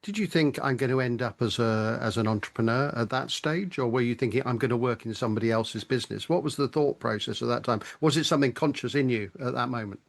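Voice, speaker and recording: Male interview host, measured and reflective, mid-range voice. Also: mid-range voice, vocal fry. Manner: thoughtful, many fillers and restarts while framing questions. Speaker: podcast host. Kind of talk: interview questions.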